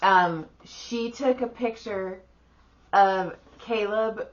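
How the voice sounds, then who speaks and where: A woman's voice: medium pitch, muffled recording. A middle-aged woman co-hosting a podcast with her husband, chatting casually about family. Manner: chatty, quick to laugh. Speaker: podcast co-host. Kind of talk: casual chat.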